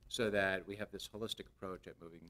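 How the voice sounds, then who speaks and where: This is a company executive speaking to his board. He is a man with a fairly low voice, and he talks earnestly, doubling words and pausing on "uh" as he builds his points. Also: steady tone, sharp tone. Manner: earnest, repeats words, hesitant fillers. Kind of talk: formal business remarks.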